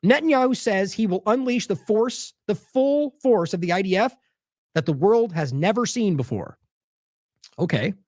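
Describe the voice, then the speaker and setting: Male commentator, fairly high voice with wide swings, sarcastic, dry close mic. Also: normal speed, dry recording. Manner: animated, sarcastic, mocks quotes in exaggerated voices; talks in bursts with restarts while scrolling sources. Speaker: independent news commentator. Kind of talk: solo news commentary.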